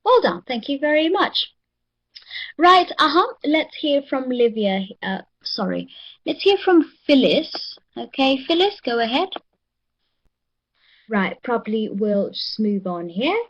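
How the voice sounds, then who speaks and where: A woman teaching an English pronunciation lesson, encouraging and repeating words slowly for the class. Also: high-pitched, big pitch swings, muffled recording.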